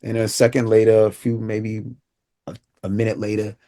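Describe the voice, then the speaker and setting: A man giving an inspirational talk, telling a personal story vividly and acting out what people said in street slang. He drops low and quiet at solemn moments. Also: monotone, normal speed. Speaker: inspirational speaker.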